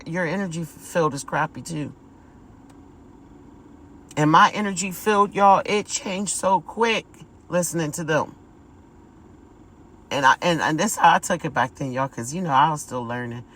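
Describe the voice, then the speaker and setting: A woman's voice: lowish voice, moderate pace, a bit bright, rough recording. Emphatic woman talking to her viewers. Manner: emphatic, repeats words, addresses viewers as y'all. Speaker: spiritual vlogger. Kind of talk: casual monologue to viewers.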